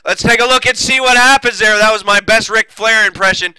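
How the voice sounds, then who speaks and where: Guy calling a sim race, high pitched, gets loud and hyped, swears a lot. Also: brisk, clear, resonant tone, no room sound, rough recording. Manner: excitable, crude asides. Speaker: race commentator. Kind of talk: sim racing commentary.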